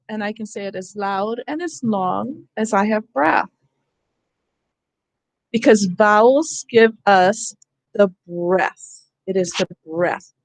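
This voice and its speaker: A woman leading an online teacher workshop over a video call, animated and demonstrating sounds herself. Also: mid-range voice, no room sound. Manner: animated, acts out calling for help. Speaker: teacher trainer.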